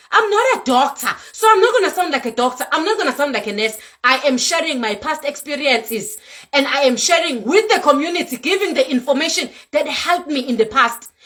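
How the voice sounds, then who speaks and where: South African woman, high voice, animated scolding vlog rant. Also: normal speed. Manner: animated, scolding, mixes Zulu words into English. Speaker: vlogger. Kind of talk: ranting to viewers. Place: home in Europe.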